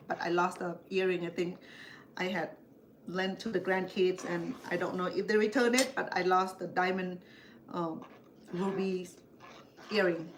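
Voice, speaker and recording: A woman's voice: on the low side, slight background noise. Older woman telling stories while cooking. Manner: chatty, rambling, acts out family members' voices. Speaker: cooking show host.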